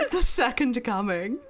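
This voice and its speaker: A young Australian woman co-hosting a podcast, telling stories in a casual, animated way and laughing often. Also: high-pitched, heavy background noise. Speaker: podcast co-host. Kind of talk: casual chat.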